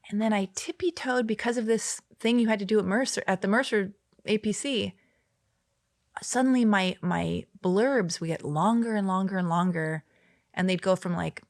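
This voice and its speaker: A woman's voice: medium pitch, moderate pace, creaky, dry recording, studio quality. A woman in her forties from Los Angeles, telling stories as a podcast guest and acting out the quotes in them. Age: 40s. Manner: animated storyteller who acts out quotes. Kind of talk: casual chat.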